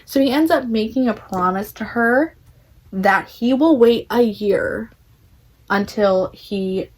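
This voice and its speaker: A chatty young woman recaps a novel's plot for her video channel. She talks casually with plenty of "like" and slips into quick voices for the characters. Her tone is relaxed and conversational. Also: on the high side. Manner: chatty, many "like"s, acting out characters' quotes. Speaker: book vlogger.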